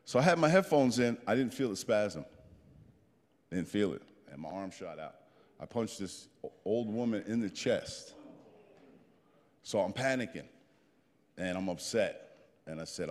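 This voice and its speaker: A man in his fifties tells a story to a group in an animated, plain-spoken way. His voice sits fairly low. A long reverb of the meeting room trails each line. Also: measured pace, long pauses. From New Jersey. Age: 50s. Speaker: guest speaker.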